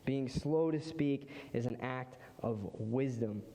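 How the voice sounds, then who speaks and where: A man's voice: mid-range voice, takes it slowly, mellow. A man, a pastor, preaching a sermon in a conversational way, with emphatic repeated phrases. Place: church sanctuary. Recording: long reverb of a large hall.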